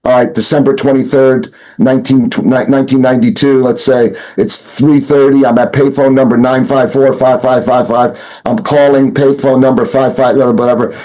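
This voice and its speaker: A man's voice: mid-range voice, steady tone, normal speed, hardly any pauses, dark tone, poor audio. A man telling his story in a casual interview, rambling with many restarts and fillers and acting out what people said. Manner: rambling, full of fillers and restarts, acts out quotes. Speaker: interview guest, former smuggler turned informant.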